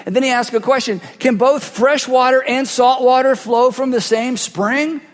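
A man's voice: very high-pitched, moderate pace. A man preaching a sermon as pastor, speaking into a cheek microphone and emphatically repeating phrases for effect. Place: church sanctuary. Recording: long hall reverb.

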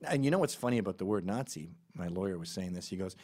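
A man hosting a podcast, telling stories in a casual comedic monologue with quick asides. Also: on the low side, slightly rough. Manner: animated storytelling with quick asides and laughs. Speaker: podcast host.

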